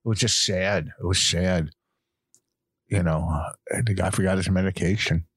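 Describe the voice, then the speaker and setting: A man co-hosting a podcast, spinning rambling anecdotes and ribbing his wife in a deadpan way. His voice is low-pitched. The recording is dry and close, with no room around it. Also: moderate pace, husky, no room sound. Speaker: podcast co-host. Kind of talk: casual banter and storytelling.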